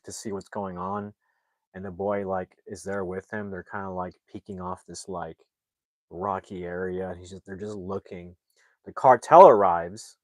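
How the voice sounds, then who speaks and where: Low-voiced man rambling through a movie recap. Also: dry recording. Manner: rambling, heavy on fillers and restarts. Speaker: movie reviewer. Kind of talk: casual movie plot recap.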